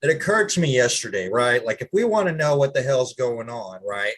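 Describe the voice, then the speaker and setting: A man's voice: medium pitch, lively intonation, fairly quick, a bit bright. A man with a mid-range voice cutting into a video call conversation, eager and tossing in "right?" after nearly every phrase. His delivery is loose and conversational. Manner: eager, keeps asking "right?". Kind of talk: casual political chat.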